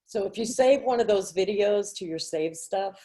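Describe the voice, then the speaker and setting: A woman in a book club chat, animated and laughing as she retells funny videos. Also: mid-range voice, moderate pace. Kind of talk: casual chat.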